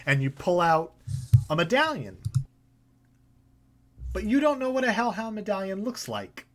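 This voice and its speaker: A man's voice: high voice, very animated, unhurried. A man narrating a tabletop game as game master, casual and rambling with many fillers.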